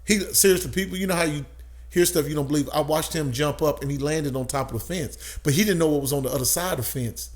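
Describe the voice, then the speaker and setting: A man, a guest telling an animated story with frequent laughs. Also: fairly high pitch, fast. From Tennessee, USA. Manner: animated, laughs often, swears. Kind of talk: casual storytelling.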